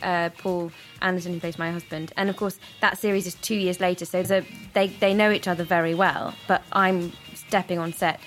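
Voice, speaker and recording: A woman's voice: on the low side, little pitch movement, a little fast, hardly any pauses, a bit bright, faint music behind. A young woman telling anecdotes as a guest in a radio interview, chatty and self-deprecating, laughing often. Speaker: actress guest.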